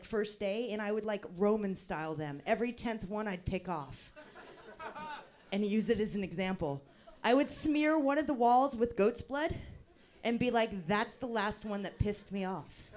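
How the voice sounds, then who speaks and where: A woman in her thirties performing a stand-up comedy set at an open mic, with a wry, deadpan delivery and bursts of laughter. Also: medium pitch.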